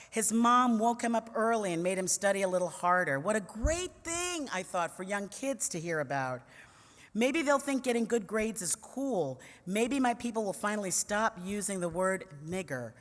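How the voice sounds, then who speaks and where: An expressive woman's voice of medium pitch, at normal speed, belongs to a fiftysomething New Yorker who is a commentator and conference speaker. In a large conference hall heavy with long reverb, she tells a funny personal story, conversational and witty, with playful asides to the audience.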